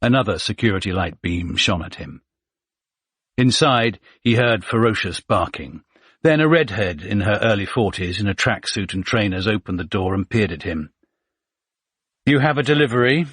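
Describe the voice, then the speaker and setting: A man narrating a thriller audiobook in a measured, even storytelling manner. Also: deep voice, husky, no room sound, clean studio sound.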